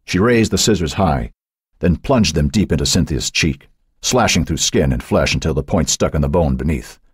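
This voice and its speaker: A man reads a dark novel aloud in a deep, husky voice with a lot of rise and fall in his pitch. His delivery is intense and expressive, recorded close and dry with no room sound. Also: moderate pace, no echo. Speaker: audiobook narrator. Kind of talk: dramatic audiobook narration.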